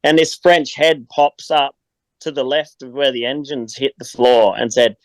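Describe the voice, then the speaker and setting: A man's voice: medium pitch, fairly even intonation, moderate pace, dry recording, low-quality recording. An Australian man chatting as a podcast guest, telling rambling stories and laughing often. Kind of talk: casual chat.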